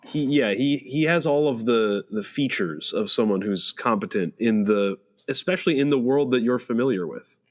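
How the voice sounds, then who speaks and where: A man's voice: mid-range voice, normal speed. A young man co-hosting a comedy podcast with his father, explaining his points thoughtfully with a dry sense of humor. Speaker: podcast co-host, son of the host. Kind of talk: casual comedic podcast chat.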